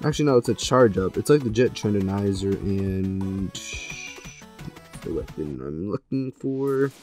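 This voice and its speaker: A young man giving gameplay commentary, excitable, jumping from loud outbursts to low mumbling. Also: measured pace, soft background music. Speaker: gaming YouTuber.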